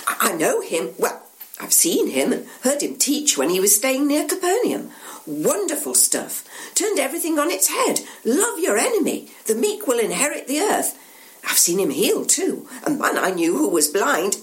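A woman voicing an eager pilgrim who talks excitedly about having seen a great teacher. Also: mid-range voice, moderate pace, hardly any pauses.

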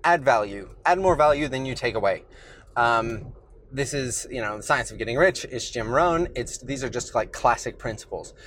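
Slightly winded from the gym, a podcast host talks casually on his solo show in an expressive, mid-range, somewhat bright voice at a moderate pace. His speech is full of fillers and restarts, with a touch of hiss or hum behind it.

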